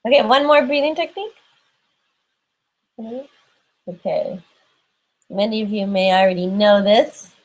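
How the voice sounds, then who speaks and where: A woman teaching meditation and breathing techniques to a group. She talks calmly and gently and explains each step patiently, in a steady everyday pitch. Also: a little slow, pauses often, low-quality recording. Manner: calm, gentle, instructive with soft laughs. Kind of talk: guided breathing instruction.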